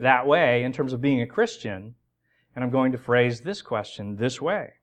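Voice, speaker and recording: A man's voice: medium pitch, animated, normal speed. A man preaching a sermon as a guest speaker, talking conversationally with many fillers and restarts, and rising with enthusiasm at his main points.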